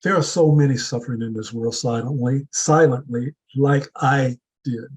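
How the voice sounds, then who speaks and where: Guy giving a motivational talk, husky voice, slow and deliberate, keeps asking questions. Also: mid-range voice, a little mellow, poor audio. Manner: deliberate, with repeated rhetorical questions. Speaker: club speaker. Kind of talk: motivational speech.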